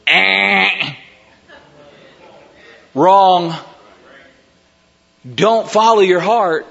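A man preaching a sermon in a church, emphatic and rising to near shouts on key words. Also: high-pitched, very animated, slow, vocal fry, long pauses, breathy edge. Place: church sanctuary. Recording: dull sound with long hall reverb.

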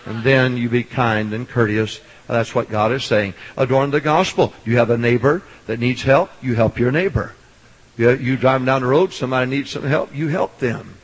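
A middle-aged man preaching a sermon as a Baptist pastor, swinging from loud hollering to soft storytelling. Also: mid-range voice, normal speed, slightly rough, rough recording.

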